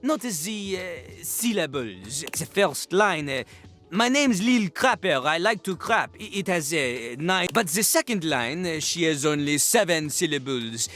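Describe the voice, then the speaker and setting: Lil Crapper, French rapping toilet. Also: male voice, on the high side, sing-song, a little slow, a bit bright, soft background music. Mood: fussy. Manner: sing-song rapping, fussy lecturing. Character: cocky male rapping toilet, strict rhyme coach. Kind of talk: video game voice acting.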